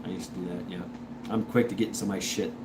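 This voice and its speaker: A man's voice: low voice, rapid-fire. A man hosting a casual livestream, reading chat and rambling in a stop-start way, repeating words and chuckling. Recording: steady background noise.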